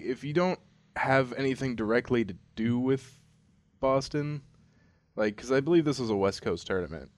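A man's voice: lowish voice, no room sound. A young man co-hosting a casual podcast, rambling and laid-back with lots of fillers. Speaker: podcast co-host. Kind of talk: casual chat.

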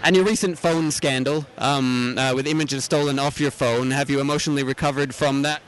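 At an outdoor convention, an Australian man roams around as host of comedic vox-pop interviews, posing absurd questions with mock earnestness. His voice is medium-pitched, fairly even and fairly quick, with a clean tone despite the rough recording.

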